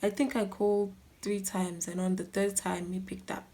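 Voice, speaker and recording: A woman with a South African accent, telling a dramatic story time while doing her makeup, often dropping to a soft near-whisper. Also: mid-range voice, flat delivery, moderate pace, few pauses. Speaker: YouTuber.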